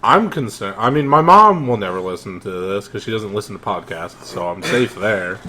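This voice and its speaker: A man's voice: fairly low pitch, lively intonation, moderate pace, bright, forceful tone. A young man from New Jersey with a New Jersey accent, hosting a casual podcast chat, joking and rambling with frequent restarts. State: drinking, tipsy. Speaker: podcast host.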